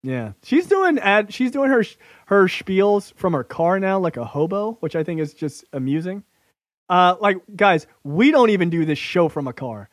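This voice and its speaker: A man's voice: sits high, very animated, moderate pace, no echo. A man hosting a podcast, chatting in a brash, profane way and laughing often. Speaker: podcast host. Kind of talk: casual profane comedic chat.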